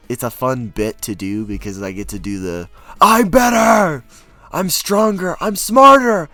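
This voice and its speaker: A young man chatting casually to his stream audience, rambling with sudden loud, animated bursts. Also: on the low side. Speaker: streamer and hobby actor. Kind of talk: casual chat to a live stream.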